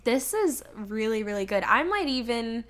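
A woman's voice: a little high, very animated, normal speed, a bit bright. A woman co-hosting a comedy podcast over a video call, chatting casually, giggly and playful and swearing freely. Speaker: podcast co-host. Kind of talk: casual chat.

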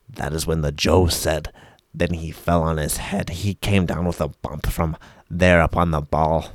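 Deep-voiced man, theatrical sing-song comic read, dry booth sound. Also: steady tone, measured pace, no room sound. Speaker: comic reader. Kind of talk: comic storybook reading.

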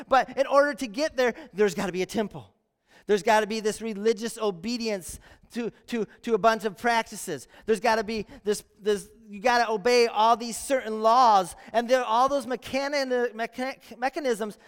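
Very high-voiced male pastor preaching. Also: clear, resonant tone. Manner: earnest preaching with rhetorical questions and repeated phrases. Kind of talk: sermon. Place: church sanctuary. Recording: long church hall reverb.

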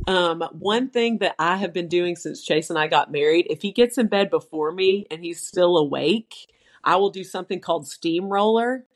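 A woman co-hosting a chatty podcast, talking in a lively way and laughing as she goes through a list of tips. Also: fairly low pitch, moderate pace. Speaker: podcast co-host. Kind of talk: casual chat.

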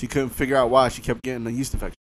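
A man's voice: mid-range voice, flat delivery, racing, crowd noise. A man co-hosting a casual chat, teasing and joking in slangy talk. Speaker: podcast co-host.

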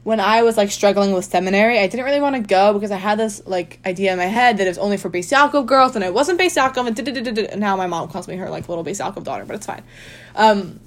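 Young woman talking casually, lots of "like", mid-pitched, emphatic. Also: fast talker. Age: young adult. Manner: chatty, heavy use of "like", emphatic. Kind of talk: casual personal storytelling.

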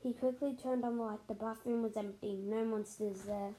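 A woman reading a children's story aloud, expressive, with dramatic pauses and sound words. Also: on the high side, a little hiss or hum, rough recording.

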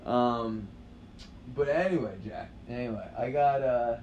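A man's voice: mid-range voice, measured pace, darkish tone, far from the mic, slight background noise. A man on a podcast chatting casually, swearing as he muses aloud and restarting his sentences. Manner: questioning, profane, hesitant restarts. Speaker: podcast co-host. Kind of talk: casual chat. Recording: roomy, dull, slightly muffled.

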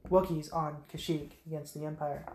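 A woman in casual chat, retelling movie scenes with lots of swearing and quick quoted voices. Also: deep voice, little pitch movement, a little mellow, a little hiss or hum. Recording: echoey room.

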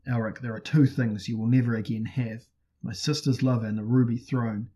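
A man voicing a ruthless sorcerer prince who hurls loud, menacing threats, in a husky voice. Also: mid-range voice, fairly even intonation, moderate pace, close to an everyday voice.

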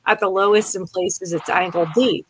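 A woman's voice: mid-range voice, fairly even intonation, normal speed, slight background noise, low-quality recording. An older woman from Pennsylvania, chatting casually and telling a long personal story with many fillers and restarts. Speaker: conversation partner. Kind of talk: casual chat.

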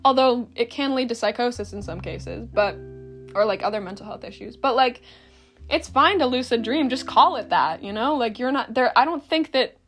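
A woman's voice: fairly high pitch, animated, normal speed, fairly bright tone, faint music behind. A young woman hosting a casual solo podcast, ranting bluntly and sarcastically with lots of swearing and laughter. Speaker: podcast host.

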